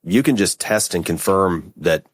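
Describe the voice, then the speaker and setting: A man's voice: low voice, unhurried, husky, no echo. A man as a guest on a podcast, talking casually and often checking in with "right?" and "like". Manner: casual, frequent "right?" and "like" fillers. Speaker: podcast guest, company founder. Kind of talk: conversational interview.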